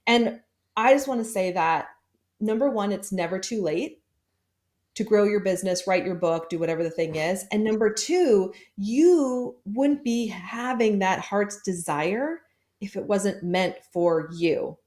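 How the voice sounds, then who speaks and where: A woman's voice: medium pitch, a little slow, darkish tone. Encouraging woman guest on a podcast. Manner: encouraging, laughs easily. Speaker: guest sales coach. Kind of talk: podcast interview.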